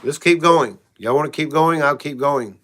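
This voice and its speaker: A man's voice: fairly high pitch, moderate pace, a bit bright. A man hosting a casual livestream. He rambles frankly and keeps saying "y'all". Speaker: channel host.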